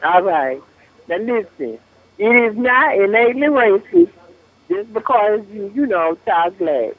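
A man's voice: high-pitched, very animated, unhurried, no room sound, exaggerated voice. A man voicing a brash, sassy woman who gives blunt advice in a bossy, scolding way. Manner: bossy, scolding, talks over people. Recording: tinny phone line.

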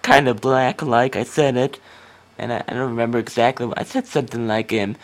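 A man telling a story in a comedy sketch, in a deadpan, unhurried way. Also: mid-range voice.

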